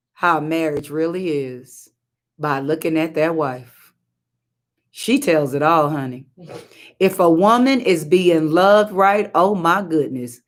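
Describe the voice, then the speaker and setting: Slow emphatic woman preacher. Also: lowish voice. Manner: emphatic repetition and call-outs to the audience; colloquial, sassy asides. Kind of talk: live-streamed sermon.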